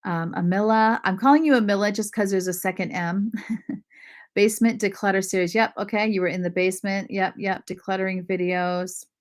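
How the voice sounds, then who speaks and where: A woman from Maine hosts a lifestyle channel livestream, chatting warmly with viewers and frequently apologizing and laughing as she reads their comments. Her mid-range voice stays steady at a normal speed.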